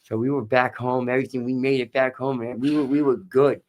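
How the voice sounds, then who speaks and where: A man's voice: medium pitch, fairly even intonation, brisk, darkish tone. A man with a Boston accent telling his story as a podcast guest, candid and rambling, swearing and repeating himself. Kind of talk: casual storytelling.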